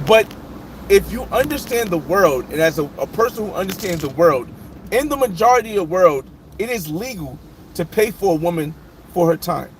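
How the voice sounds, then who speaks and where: A man's voice: high voice, lively intonation, normal speed. A man hosting a casual livestream from his car as he drives, reading out viewer names and talking over the chat. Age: adult. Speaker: livestream host. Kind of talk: casual live chat while driving. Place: inside a moving car. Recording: road and engine noise behind.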